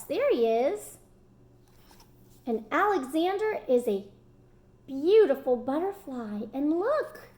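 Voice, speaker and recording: A woman reads a picture book aloud to children, high-pitched and very lively in her intonation. She takes her time, speaking slowly and stopping to ask the kids questions. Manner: animated, asks the children questions. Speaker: storyteller reading to children.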